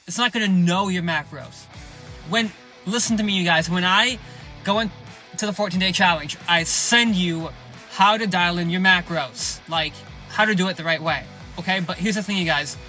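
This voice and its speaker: Brash, profane high-voiced fitness coach. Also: male voice, bright, forceful tone. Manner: blunt, sarcastic, profane, keeps saying "you guys". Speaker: fitness coach and podcast host. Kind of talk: podcast monologue.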